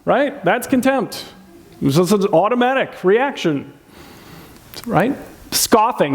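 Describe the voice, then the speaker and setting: A high-pitched man delivers a sermon in a chatty, conversational way. He keeps asking his listeners questions. He acts out hurtful remarks in changed voices to make his points. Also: expressive, measured pace. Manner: conversational, asks the audience many questions. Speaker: pastor.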